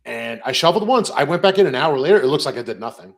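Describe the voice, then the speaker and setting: A young man in a casual podcast chat, speaking at a middle pitch. He rambles along easily, pausing with fillers as he recalls things. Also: animated, creaky. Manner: easygoing, rambling recaps with fillers. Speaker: podcast co-host.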